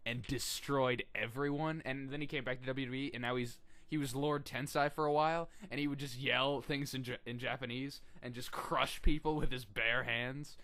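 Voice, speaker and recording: A young man co-hosting a podcast, chatting casually, laughing often and shouting out quoted lines. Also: mid-range voice, fairly even intonation, moderate pace, hardly any pauses, no echo. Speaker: podcast co-host. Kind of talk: casual chat.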